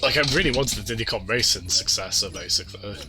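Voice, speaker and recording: Over game music, a fast-talking man with a voice on the low side chats through a let's-play stream. He drifts between thoughts and keeps starting his sentences over.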